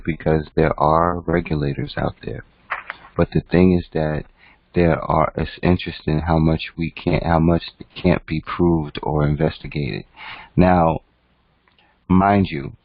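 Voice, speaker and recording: Speaking in a deep voice with no echo, a man gives a conversational online lecture and keeps asking "right?" The audio is dull, dry, and lo-fi.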